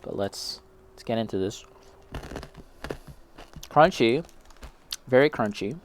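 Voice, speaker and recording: A man's voice: mid-range voice, expressive, slow pace, a little hiss or hum. A young man casually chatting as he tastes and reviews snacks, self-deprecating and reacting as he eats. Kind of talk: casual snack tasting chat.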